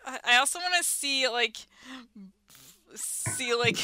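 A woman's voice: high-pitched, slow, sharp tone. A woman co-hosting a podcast in casual chat, rambling with lots of "like" and "um" and restarting her sentences. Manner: rambling, filler-heavy, many restarts. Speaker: podcast co-host.

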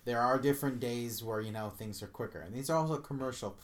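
A man's voice: medium pitch, quick pace, heavy background noise. A man co-hosting a casual podcast chat, blunt and matter-of-fact, swearing casually. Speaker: podcast co-host.

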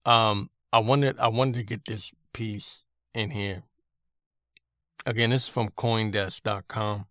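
A man's voice: on the low side, fairly even intonation, slow, fairly bright tone, dry recording, studio quality. A man hosting his own podcast, giving an irritated, emphatic opinion rant and repeating his points for emphasis. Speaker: podcast host.

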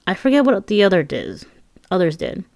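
A woman's voice: mid-range voice, sing-song, a little fast, darkish tone, no echo, studio quality. A woman reading her own memoir aloud as an audiobook, candid and wry, with frank asides to the listener. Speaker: memoir narrator.

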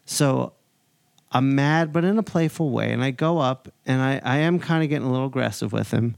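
A man in his forties spins a casual anecdote and slips into other people's voices as he goes. His voice has a gravelly edge. The sound is dry and close, with no room around it. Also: medium pitch, fairly quick, no room sound. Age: 40s. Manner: animated anecdote-telling, acts out other people's lines. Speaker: podcast host. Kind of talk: casual storytelling chat.

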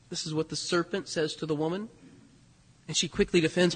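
A man preaching a sermon in an animated way, asking rhetorical questions and acting out the lines he quotes. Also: fairly high pitch, normal speed, husky. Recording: long hall reverb.

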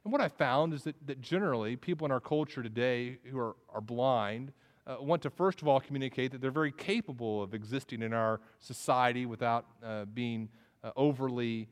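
A man's voice: medium pitch, fairly quick. A man preaching a sermon as pastor, often restarting phrases and repeating words. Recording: reverberant hall.

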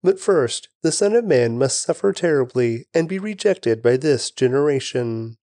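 A man hosting a daily podcast, reading scripture aloud in a measured, deliberate way and slowing down for emphasis. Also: mid-range voice, animated, dark tone, no room sound. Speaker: scripture reader, podcast host.

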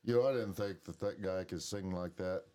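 A man with a very low, dark, mellow voice holds forth in loose late-night podcast chat. He rambles from story to story and swears freely. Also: normal speed. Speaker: podcast co-host.

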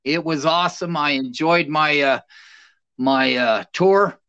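A man's voice: a little high, measured pace, clear, resonant tone, lo-fi sound. A middle-aged man, a retired soldier, telling plainspoken stories in a casual interview. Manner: animated, plainspoken anecdotes with laughs. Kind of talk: casual storytelling.

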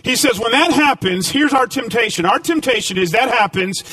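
A man preaching a sermon as pastor, climbing to emphatic points and dropping to a quiet storytelling tone. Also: very high-pitched, animated, normal speed, dry recording, recorded from a distance.

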